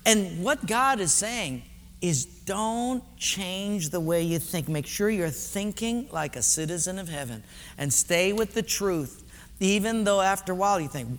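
A male pastor preaching a sermon in animated storytelling style. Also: sits high, normal speed, a little hiss or hum. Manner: animated storytelling, acts out voices. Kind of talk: sermon with a told joke. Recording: echoey hall reverb.

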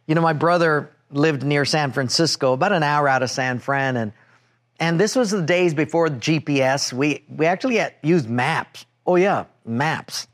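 A middle-aged man preaching a sermon, telling a personal story and acting out an argument in a raised, animated voice. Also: on the high side, moderate pace. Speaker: pastor.

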